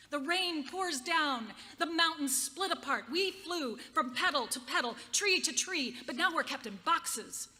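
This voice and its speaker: A grim, fervent bee leader rallies her swarm with proclamations, as a woman acts her out. The voice sits a little high and bright. It rings through a long hall reverb. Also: heavily acted.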